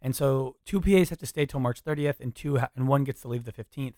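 Fast-talking young man telling stories. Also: mid-range voice, no echo, clean studio sound. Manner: animated, fast, swears freely. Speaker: podcast host. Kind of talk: casual storytelling chat.

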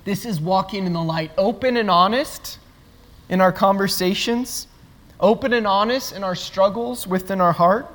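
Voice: medium pitch, moderate pace, fairly bright tone. A pastor preaching a sermon to the congregation, earnest, building points through repeated phrases. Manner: earnest, repetitive emphatic phrasing. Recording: long reverb of a large hall.

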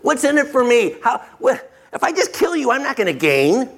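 Brief: a preacher putting on a high, whiny, self-serving brother, loud and grasping. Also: male voice, big pitch swings, moderate pace, exaggerated voice. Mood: greedy. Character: scheming greedy biblical brother, man.

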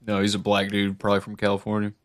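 A man from the United States hosting a podcast, joking and teasing in quick banter. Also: lowish voice, completely flat delivery, no echo, clean studio sound. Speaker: podcast host. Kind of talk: casual chat.

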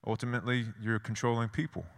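A man's voice: medium pitch, level tone, quick pace. Preaching man in a reverberant hall. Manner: storytelling with rhetorical questions and repetition. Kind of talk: sermon.

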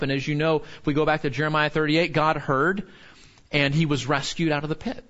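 Pastor guy, kinda high voice, earnest, keeps asking the room questions, lo-fi sound. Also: steady tone, fairly quick, a bit bright. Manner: earnest, asks the group questions, many restarts. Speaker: pastor teaching a Bible study. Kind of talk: conversational sermon.

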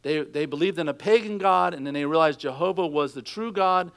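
A man's voice: on the high side, fairly quick, clear, resonant tone. A middle-aged man preaching a sermon, telling stories and acting out quotes in a conversational way. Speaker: pastor.

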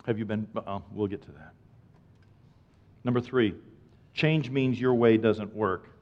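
A man preaching a sermon as a pastor, telling stories and acting out voices with loud high-pitched outbursts. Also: measured pace. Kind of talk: sermon with storytelling. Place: church. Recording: dull sound with long hall reverb.

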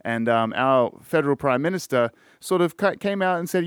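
A man's voice: a little high, lively intonation, moderate pace, hardly any pauses, clean tone, no room sound, studio quality. An Australian man hosting a podcast, ranting in casual chat with constant swearing and repeated words. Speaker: podcast host.

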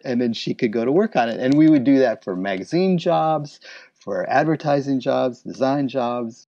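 A man telling stories about his illustration business and acting out remembered conversations in lively voices. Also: mid-range voice, moderate pace, no echo. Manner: animated, acts out remembered dialogue. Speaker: interviewee, illustration business owner. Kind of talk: reflective storytelling. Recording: slightly dull, dry recording.

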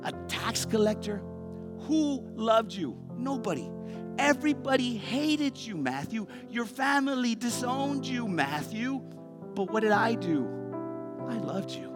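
A man voicing Jesus as a loving, familiar friend who speaks in a warm, pleading way and calls people buddy and man. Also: extremely high pitch, very animated, a little slow, pitched above the performer's own voice, exaggerated voice. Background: soft guitar music.

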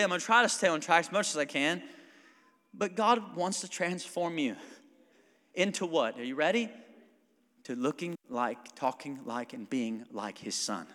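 A man preaching to a congregation in a fairly high, bright voice. He calls out for amens and swings from loud preaching to soft, hushed prayer. His voice rings with a long reverb from the church sanctuary. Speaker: pastor. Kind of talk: sermon.

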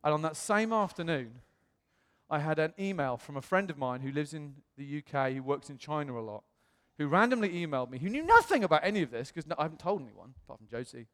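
A man preaching, telling a personal story with animated delivery and self-mocking humor, acting out what others said. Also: fairly high pitch, quick pace. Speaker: pastor. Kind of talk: personal testimony sermon. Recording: long reverb in a hall.

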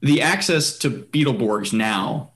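A man's voice: medium pitch, lively intonation, slow, a bit bright. A man hosting a casual podcast chat, rambling with many fillers and restarts. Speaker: podcast host.

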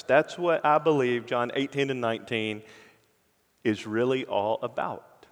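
A male pastor preaching a sermon with earnest conviction, often dropping to a hushed tone for emphasis. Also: mid-range voice, steady tone, unhurried, big-room sound.

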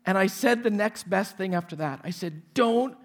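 A pastor in his forties preaches with a fairly high voice. He tells a personal story, acting out each person's lines with animation before turning to scripture. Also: moderate pace, fairly bright tone. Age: 40s.

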